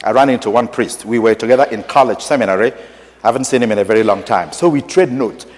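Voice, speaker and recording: Emphatic African-accented priest in a reverberant church. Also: male voice, mid-range voice, quick pace. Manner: emphatic preaching with big swings between soft and loud. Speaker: pastor. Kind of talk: sermon. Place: large church.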